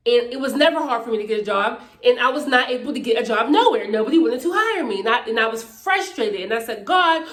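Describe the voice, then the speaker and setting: A woman's voice: a little high, animated, fast talker, few pauses, a bit bright, roomy sound. A woman from Pittsburgh talking casually and emphatically to her vlog viewers, often checking in with "okay?". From Pittsburgh, Pennsylvania, USA. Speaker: YouTuber. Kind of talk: casual faith testimony vlog.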